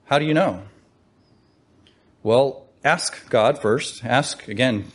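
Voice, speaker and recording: A man's voice: medium pitch, slow, pauses often, slightly rough. A man teaching from the Bible in a conversational way, asking rhetorical questions and reading scripture aloud.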